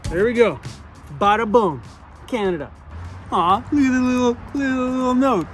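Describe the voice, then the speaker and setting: A man's voice: very high voice, moderate pace, fairly bright tone, faint music behind. A man vlogging outdoors in a park, chatty and upbeat, laughing often as he opens packages. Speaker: van life vlogger. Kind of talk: casual vlog talk. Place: outdoors in a park by a parking lot.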